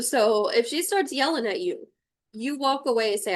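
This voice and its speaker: A woman's voice: high voice, big pitch swings, normal speed. A young adult woman giving a livestream spiritual tarot reading. She talks bluntly and emotionally and swears freely. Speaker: intuitive tarot reader.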